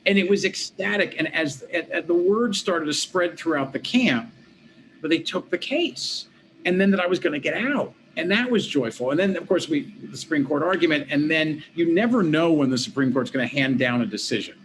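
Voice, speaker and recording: Animated man telling his story. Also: fairly high pitch, normal speed, slight background noise. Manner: animated, acts out quoted dialogue. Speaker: guest, former state senator and law professor. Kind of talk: conversational interview storytelling. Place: home office at a desk.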